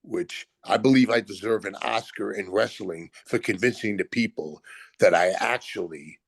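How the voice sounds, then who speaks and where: Brief: older New man, gravelly low voice, emphatic storyteller acting out quotes. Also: moderate pace, no room sound. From Brooklyn, USA. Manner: acts out others' lines in quotes, emphatic. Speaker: retired pro wrestler guest. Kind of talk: animated storytelling.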